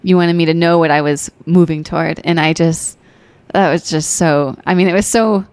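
Woman, casual storytelling, animated, laughs often, low voice, dry sound. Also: moderate pace, no echo. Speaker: podcast co-host.

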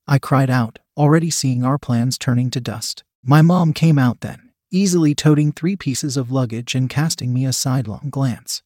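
A young man narrating a first-person story in a steady, plain delivery. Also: mid-range voice, moderate pace, hardly any pauses, no echo, clean studio sound.

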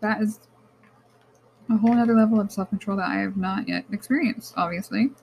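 A young woman at a medium pitch, talking in a frank, casual podcast monologue. Her storytelling is animated and blunt, with swearing scattered through it. There is faint noise beneath her voice. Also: brisk, rough recording. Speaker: podcast host.

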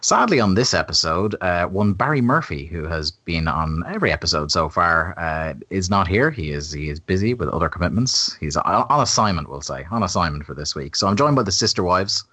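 Deep bright-toned man hosting a podcast. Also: lively intonation, dry recording. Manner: laughs often, quick teasing banter. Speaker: podcast host. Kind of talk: casual podcast chat.

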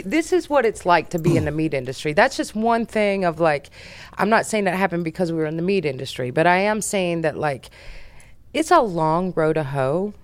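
An American woman, a business founder, telling a story as a podcast guest in a brash, profane, animated way. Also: fairly low pitch.

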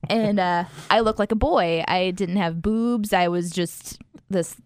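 A woman's voice: on the low side, measured pace, a little mellow, no room sound, studio quality. A woman telling a personal story in casual conversation, rambling with many fillers and frequent laughs. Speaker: guest sharing her story.

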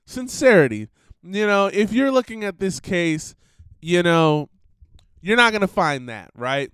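A man's voice: high-pitched, big pitch swings, measured pace, a bit bright, clear, resonant tone, no echo, studio quality. A young man hosting a podcast, rambling in a casual monologue full of fillers and laughter. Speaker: podcast host. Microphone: computer recording setup.

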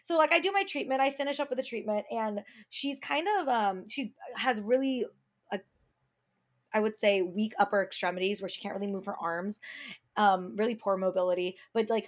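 A young woman co-hosting a podcast, telling a work story in casual chat, acting out the quoted voices with lots of "like" fillers. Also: medium pitch. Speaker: podcast co-host, speech therapist.

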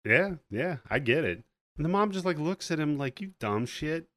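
A man's voice: fairly high pitch, normal speed, no room sound. A young man, a podcast host, casually recapping a film plot and acting out the characters' lines. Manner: animated retelling with quoted voices. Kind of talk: casual movie recap chat.

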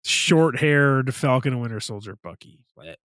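A man's voice: mid-range voice, lively intonation, moderate pace, a bit bright, dry recording. A man chatting casually on a podcast, playful, swearing freely and rambling through stories. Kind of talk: casual chat.

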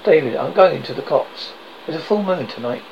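A man's voice: fairly high pitch, moderate pace. A man reading the part of a distraught young man who believes he is a werewolf, in a plain script-reading voice, on a dull lo-fi recording. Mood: desperate. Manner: read flatly from a script. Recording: dull lo-fi, faint background noise.

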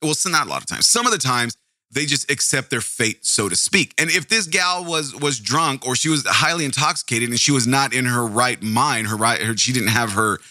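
A man's voice: medium pitch, animated, moderate pace, sharp tone, dry recording, studio quality. A man hosting a casual true-crime podcast, rambling, interrupting himself and swearing casually. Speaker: podcast host.

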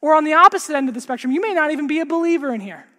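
A man preaching a sermon earnestly, repeating words and dropping to a hush for emphasis. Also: very high voice, animated, rapid-fire. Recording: long hall reverb.

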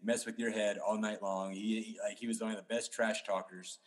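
A man's voice: lowish voice, level tone, a little fast. A man in casual basketball talk on a podcast, rambling with many restarts and fillers.

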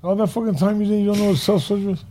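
Fast-talking, mellow-voiced streetwise man. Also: high voice, fairly even intonation, slight background noise. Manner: profane, streetwise, rambling storyteller. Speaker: podcast guest telling prison stories. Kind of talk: casual storytelling chat.

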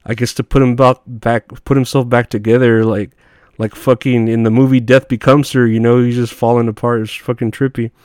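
A man's voice: medium pitch, level tone, a little fast, a little mellow, clean tone, no room sound, studio quality. Profane, rambling man telling stories. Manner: rambling, profane, laughs at his own stories. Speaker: podcast host. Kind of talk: casual storytelling monologue.

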